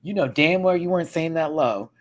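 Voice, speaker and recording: A man ranting casually as a reality show reviewer, animated, sassy and gossipy. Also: fairly high pitch, brisk.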